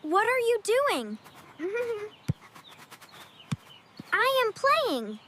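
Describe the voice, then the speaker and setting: Cheerful cartoon kids. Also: female voice, very high voice, huge pitch swings, noisy background, exaggerated voice. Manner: slow, simple questions and answers. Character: cheerful cartoon children, a boy and a girl. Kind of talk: animated kids' English lesson. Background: loud background music.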